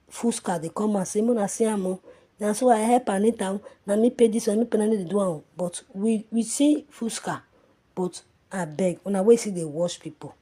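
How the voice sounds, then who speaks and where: Nigerian lady ranting on her gossip vlog, husky, shouts then mutters, pure mockery. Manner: angry, mocking, swings from loud shouting to low mutter. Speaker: social media commentator.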